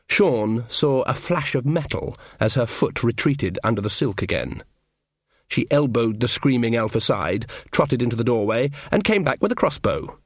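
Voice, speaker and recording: A man narrating a story in a wry, measured way. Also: medium pitch, dry recording, studio quality. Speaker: audiobook narrator. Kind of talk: scripted narration.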